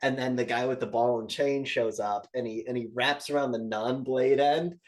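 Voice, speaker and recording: A man co-hosting a casual movie review podcast, retelling scenes in an animated, profane way and laughing often. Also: mid-range voice, normal speed. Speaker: podcast co-host.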